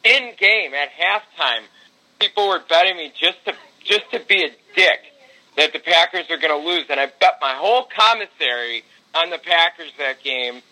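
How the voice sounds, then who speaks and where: A man co-hosting a podcast, telling sports stories in casual chat, excitable and swearing now and then. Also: on the high side, normal speed, poor audio. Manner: storytelling, swearing, excitable when reliving games. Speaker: podcast co-host.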